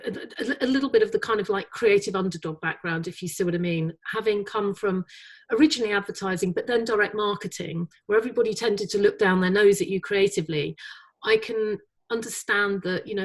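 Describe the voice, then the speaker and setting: Chatty woman judging ad awards. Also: medium pitch. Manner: animated, many fillers, laughs easily. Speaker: awards jury chair. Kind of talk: interview answers.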